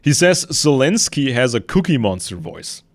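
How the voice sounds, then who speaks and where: A man's voice: mid-range voice, sing-song, normal speed, dry recording. Man talking politics, dry close sound. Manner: conversational, retells a debate with quotes and asides. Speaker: podcast host. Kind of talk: casual political commentary.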